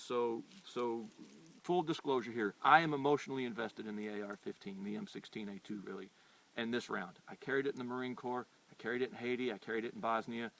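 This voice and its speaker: A man's voice: mid-range voice, a bit bright, a little hiss or hum. Rambling middle-aged American man, heard from a distance. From United States. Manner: rambling, with frequent stumbles and repeated words; earnest and insistent when arguing. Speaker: firearms channel host. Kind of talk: unscripted opinion monologue. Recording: voice picked up from a distance.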